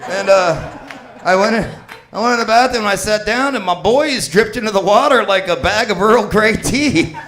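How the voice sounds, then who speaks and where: A fifty-year-old man performing a crude, rambling stand-up set on a comedy club stage, shouting his punchlines. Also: sits high, normal speed, slight background noise. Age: 50s.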